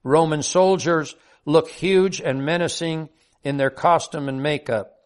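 A man's voice: fairly high pitch, fairly even intonation, measured pace. An older man, earnest and heartfelt, reading a devotional story from his own life.

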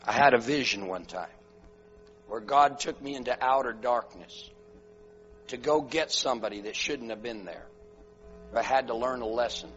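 Preacher guy going from loud to hushed, muffled lo-fi sound, faint music and hum behind. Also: medium pitch, moderate pace, long pauses. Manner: swings from loud exhortation to hushed storytelling. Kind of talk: sermon with a dramatic story. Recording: dull lo-fi recording with faint music and mains hum.

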